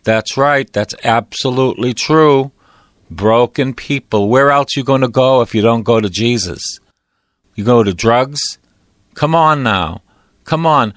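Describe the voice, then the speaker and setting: A middle-aged male priest delivers a sermon in a preacher's cadence, emphatic and full of repetition. His mid-range voice is recorded without echo.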